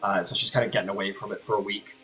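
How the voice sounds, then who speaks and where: A man's voice: lowish voice, little pitch movement, very fast, pushed and bright, faint music behind. A man narrating as game master, describing scenes in a rambling, filler-heavy way.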